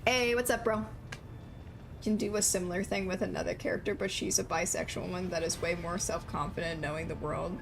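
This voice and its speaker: A woman's voice: fairly low pitch, fairly even intonation, fairly quick, gravelly. A young woman streamer commenting casually on a video game, exasperated, profane and laughing. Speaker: gaming streamer. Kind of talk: casual let's-play commentary.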